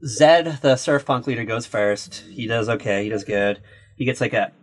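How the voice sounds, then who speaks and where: A man co-hosting a podcast, casually recapping a movie in a loose, rambling way with lots of "like"s. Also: mid-range voice. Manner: loose, rambling retelling with many "like"s and quick quoted bits. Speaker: podcast co-host.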